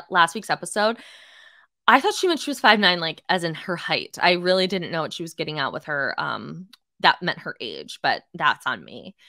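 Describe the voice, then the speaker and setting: A young adult woman hosting a casual solo podcast, talking in an animated way with lots of fillers and swearing, and acting out quotes in shifting voices. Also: lowish voice, no echo, studio quality. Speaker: podcast host.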